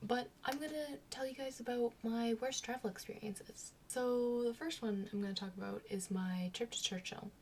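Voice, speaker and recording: A woman's voice: a little high, normal speed, few pauses, slight background noise. A woman vlogger telling personal stories in a casual, chatty way, laughing at herself often. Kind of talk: casual storytelling.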